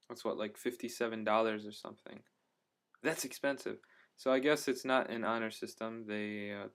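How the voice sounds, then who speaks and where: A young man talking casually in a travel vlog, rambling and hesitant with many fillers and restarts. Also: medium pitch. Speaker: travel vlogger.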